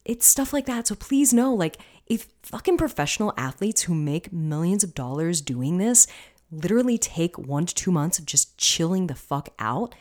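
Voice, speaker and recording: A woman's voice: lowish voice, very animated, normal speed, a little mellow. A woman hosting a podcast as a coach, talking casually and passionately, swearing freely and sometimes dropping into a whisper.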